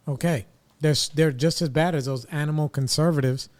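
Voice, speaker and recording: A man's voice: on the high side, steady tone, fairly quick. A middle-aged man hosting a podcast, ranting bluntly and casually in slangy opinionated talk. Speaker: podcast host.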